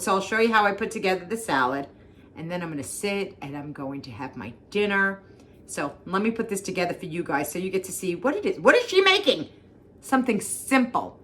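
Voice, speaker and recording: A woman's voice: lowish voice, breathy edge. A woman ranting sarcastically to her viewers on a phone vlog while she runs errands and then cooks at home. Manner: sarcastic, chatty, talks to viewers as friends. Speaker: vlogger. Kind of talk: casual vlog rant. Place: car and grocery store, then home kitchen.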